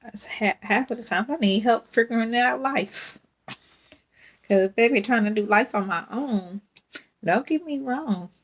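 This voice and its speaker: A woman's voice: on the high side, measured pace, breathy edge. A young adult woman, hosting a casual faith podcast in a rambling, candid way and laughing often. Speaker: podcast host.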